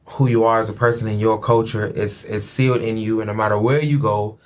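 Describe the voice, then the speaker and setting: A man's voice: lowish voice, steady tone, a little fast. A man hosting a podcast, chatting in a laid-back, joking way and often repeating himself. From Chicago. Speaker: podcast host. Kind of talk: casual chat.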